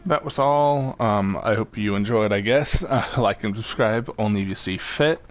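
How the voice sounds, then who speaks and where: A man's voice: on the low side, normal speed. A young man casually commenting on his gameplay, laid-back, joking and rambling. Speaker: gaming YouTuber.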